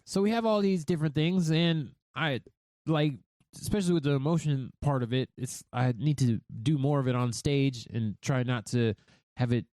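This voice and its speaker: A man's voice: mid-range voice, darkish tone, no room sound, clean studio sound. A man from the United States hosting a podcast, talking candidly and thoughtfully with frequent restarts. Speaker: podcast host. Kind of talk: reflective solo podcast talk.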